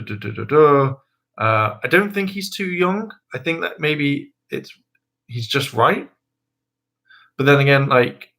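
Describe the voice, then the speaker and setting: Young male streamer with a bright, forward tone and a middling pitch; casual, rambling delivery full of fillers, with jumps into mocking voices. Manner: hesitant, many ums and restarts, jumps into high mocking voices when quoting. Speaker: livestream host. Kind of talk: casual rambling livestream chat.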